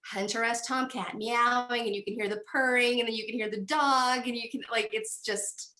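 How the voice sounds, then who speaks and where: Bright-voiced woman on an echoey video call. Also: fairly high pitch, steady tone, moderate pace. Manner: rambling, self-deprecating, restarts sentences. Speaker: author discussing her book. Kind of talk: casual conversation on a video call.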